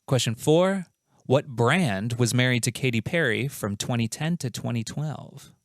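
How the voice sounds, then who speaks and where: A man's voice: mid-range voice, animated, unhurried, no echo, clean studio sound. A man hosting a comedic quiz show, reading out questions and answers in a playful, jokey, self-mocking way.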